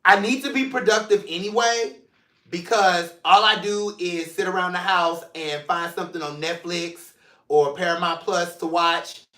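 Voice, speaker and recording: A man's voice: high-pitched, steady tone, moderate pace, bright, forceful tone. A man hosting his own mental health show, talking casually and playfully to his viewers from his chair at home. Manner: chatty, playful, affectionate toward viewers. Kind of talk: casual solo vlog talk. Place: seated in a room at home. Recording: roomy, echoey room.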